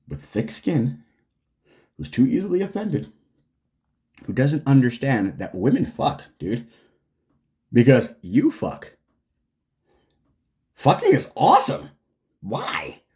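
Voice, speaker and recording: Furious male vlogger, profane sarcastic rant, lively up-and-down delivery. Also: medium pitch, takes it slowly, long pauses. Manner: swearing, heated, sarcastic. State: angry.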